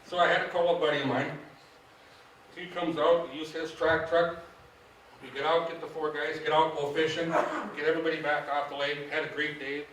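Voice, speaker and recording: A man's voice: a little high, a little fast, slight background noise. Folksy man telling fishing stories in an echoey hall. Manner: folksy, animated, acts out quoted dialogue. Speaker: fishing guide giving a club talk. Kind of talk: casual storytelling to a club audience. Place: meeting hall. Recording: echoey room, distant mic.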